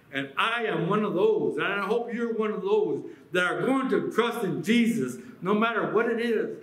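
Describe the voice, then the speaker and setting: A man from the United States preaching a sermon as pastor, animated and acting out quoted voices. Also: on the high side, reverberant, poor audio.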